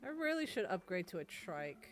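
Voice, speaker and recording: A woman's voice: medium pitch, very animated, normal speed. A woman live-streaming a game, chatting casually and answering her chat. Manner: chatty, reads and answers chat messages aloud.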